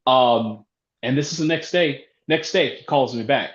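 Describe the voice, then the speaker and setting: Animated man telling a story in a roomy hall. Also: medium pitch, normal speed. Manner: animated storyteller, acts out phone calls, laughs often. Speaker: real estate investor. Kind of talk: conference talk storytelling. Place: event room. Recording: roomy, dull lo-fi sound.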